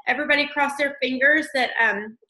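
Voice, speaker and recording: A woman's voice: sits high, fairly quick, pushed and bright, echoey room, low-quality recording. Gushing Southern woman on a video call. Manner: gushing, effusive, fillers like "like". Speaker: team leader hosting a call. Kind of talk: emotional casual chat on a video call.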